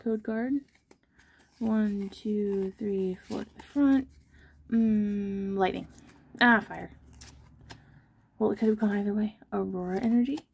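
A woman's voice: medium pitch, steady tone, slow, vocal fry, pauses often, darkish tone, breathy edge. A young woman chatting casually and self-deprecatingly while she opens trading card packs on her channel. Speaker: card-opening vlogger.

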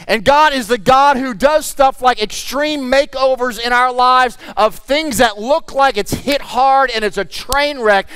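High, smooth-voiced preacher man. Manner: storytelling, acts out voices, shifts into soft prayer. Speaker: guest pastor. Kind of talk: sermon.

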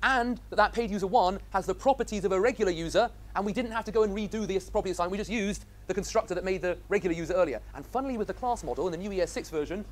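A high-voiced man speaks very fast with hardly any pauses, leading a live coding lecture. He's an upbeat, enthusiastic instructor who keeps quizzing his students with questions as he goes.

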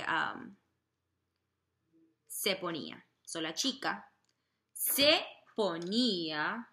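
A woman teaching a language lesson slowly and patiently, sounding out example phrases carefully and pausing on fillers. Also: lowish voice, pushed and bright. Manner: slow, deliberate, with many fillers. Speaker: Spanish teacher.

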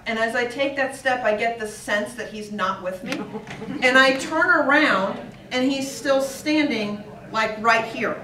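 A woman's voice: high-pitched, bright, forceful tone. A middle-aged woman giving a humorous storytelling speech at a speaking club, acting out the dialogue and dropping to a whisper for her son's lines. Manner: acts out dialogue, drops to a whisper for her son. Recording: echoey room, distant mic, faint hiss.

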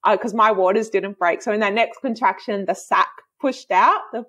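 A woman in her thirties, chatting casually as a podcast guest and telling a story in a lively, giggly way with many fillers. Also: medium pitch, moderate pace. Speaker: guest, osteopath and movement coach.

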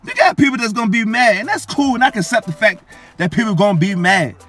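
A young man calls his own football video game match in a high, bright voice. He brags and hypes himself up, circling back to the same catchphrases again and again. Soft music runs faintly in the background. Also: animated, quick pace. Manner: hyped, boastful, repeats phrases ending in "coach" and "yo". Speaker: gaming YouTuber. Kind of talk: live gameplay commentary.

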